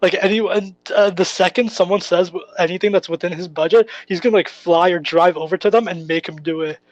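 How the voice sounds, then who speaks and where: A man's voice: sits high, fairly even intonation, brisk, no echo, lo-fi sound. A young man from Canada co-hosting a podcast, chatting casually and telling a rambling, swear-filled story. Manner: rambling, swears often, laughs through stories. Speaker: podcast co-host.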